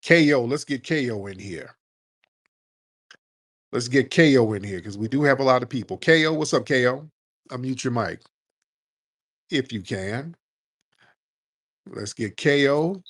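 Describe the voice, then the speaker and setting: A man's voice: medium pitch, animated, a little slow, pauses often, a bit bright, no echo, studio quality. A man hosting a live call-in show, giving blunt, combative political commentary in slangy speech. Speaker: host.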